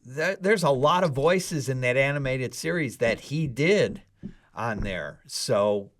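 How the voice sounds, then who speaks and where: Man, podcast co-host, lively pitch, jokey, casual chat. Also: slow, slight background noise.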